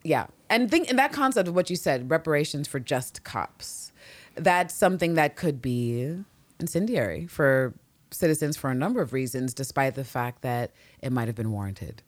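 A woman's voice: deep voice, normal speed, no room sound. A woman co-hosting a podcast, chatting casually and jokily about a TV episode, swearing and laughing freely. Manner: animated and jokey, swears freely, laughs often. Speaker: podcast co-host. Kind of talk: casual chat recapping a TV episode.

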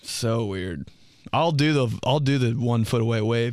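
A young male comedian rambles through a podcast monologue, cursing freely and mocking himself. He jumps into quick voices as he acts out his own lines. His voice sits at a middle pitch and sounds dry and close to the mic. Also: no room sound. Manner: rambling, profane, self-mocking, acts out quotes.

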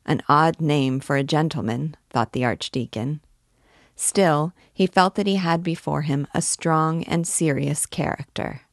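A woman with a low voice reads a classic novel aloud as a teacher. She reads in a measured way and pauses to explain. The sound is dry and close to the mic. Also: dry recording. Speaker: literature teacher reading aloud. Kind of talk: book reading with commentary.

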